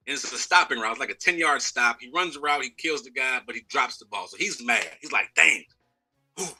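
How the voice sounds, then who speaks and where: A man's voice: medium pitch, rough recording. An American man in his thirties, a former pro football player, telling a locker-room story in a live interview, acting out quotes and laughing. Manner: lively storyteller who acts out quotes and laughs.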